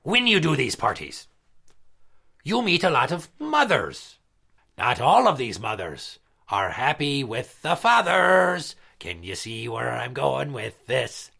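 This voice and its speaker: A man's voice: mid-range voice, huge pitch swings, slow pace, gravelly, pushed and bright, breathy edge, heavily acted. A man voicing a crude, boastful male pirate party entertainer who tells profane stories in a comedy podcast skit. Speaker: regular character.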